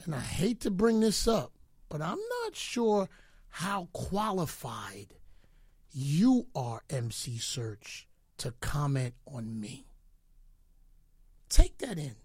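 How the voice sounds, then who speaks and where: A man's voice: on the high side, big pitch swings, slow, pauses often, a little mellow, breathy edge, no echo, clean studio sound. A middle-aged man delivering a boastful, taunting rant aimed at rivals, mock-pleading with them to leave him alone. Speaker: radio DJ. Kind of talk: ranting commentary.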